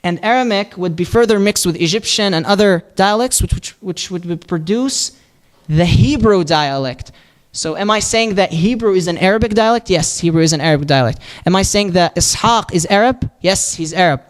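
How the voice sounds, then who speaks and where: A man teaching a religious lesson, explaining step by step and answering his own questions. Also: high-pitched. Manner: recites Arabic supplication quickly and softly. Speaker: Islamic teacher.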